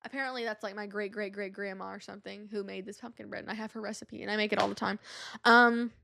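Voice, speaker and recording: A young woman hosting a casual solo podcast, bubbly and giggly, jumping from topic to topic with big swings in pitch. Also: steady tone, fast, vocal fry, pushed and bright. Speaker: podcast host. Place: home room.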